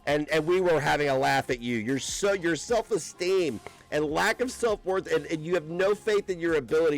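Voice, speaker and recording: A man's voice: expressive, normal speed, hardly any pauses, faint music behind. A man streaming live, ranting at his critics with heavy swearing and a mocking, combative manner. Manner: profane, combative, mocking, with bursts of high laughter. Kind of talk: angry live-stream rant.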